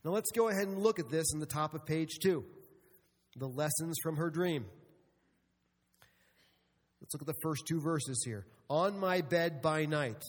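A man's voice: a little high, normal speed, long pauses, breathy edge, big-room sound. A middle-aged man preaching a sermon to a congregation, telling stories with humor and speaking to the room. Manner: storytelling with humor, addressing the congregation. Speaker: pastor.

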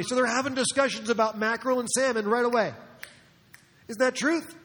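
High-voiced pastor preaching in a reverberant hall. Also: male voice, fairly even intonation, a little fast, a bit bright. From New Jersey. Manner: conversational, joking asides, acts out quotes. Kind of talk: sermon.

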